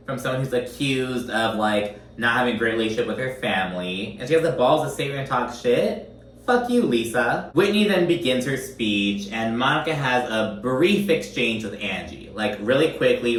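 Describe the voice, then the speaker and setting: A man's voice: medium pitch, fairly bright tone, reverberant, recorded from a distance, slight background noise. A man giving a casual recap commentary, swearing often in a sassy, exasperated rant. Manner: profane, sassy, exasperated ranting.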